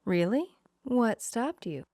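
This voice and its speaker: A woman's voice: fairly high pitch, very animated, slow pace, mellow, dry recording, clean studio sound, full character voice. A woman voicing an earnest young woman just out of college, often speaking in a whisper in a storybook reading.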